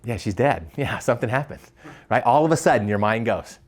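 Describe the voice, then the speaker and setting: A man giving a live leadership workshop, animated, asking the audience questions and stumbling over quick restarts. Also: medium pitch. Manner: animated, asks the crowd questions, stammers on restarts. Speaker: leadership speaker.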